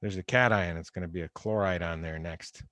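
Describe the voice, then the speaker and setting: Speaking a little fast in a low, steady, slightly bright voice, a man delivers a chemistry lecture by video call from home or an office. The computer microphone picks up no room sound, and he chats through the material, repeating key points and stressing warnings.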